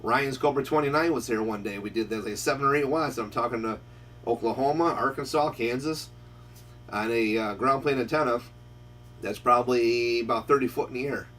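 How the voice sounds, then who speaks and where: This radio-shop host talks briskly in a mid-range voice with a slightly bright edge, and there's a faint hiss or hum on the recording. Picked up from afar, he wanders through a casual story and voices every part of the dialogue.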